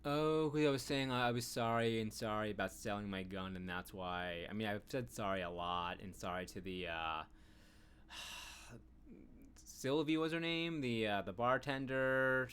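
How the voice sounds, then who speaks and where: A man's voice: lowish voice, a little slow, fairly bright tone, smooth. A man streaming a video game, rambling casually and humming filler syllables while he thinks. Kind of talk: casual let's-play commentary.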